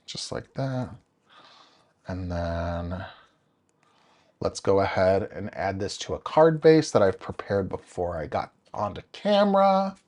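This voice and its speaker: His voice is low, slow, sing-song, and a bit dark. This young man demonstrates card-making on a live stream, staying chatty and upbeat and calling out viewers by name while he crafts.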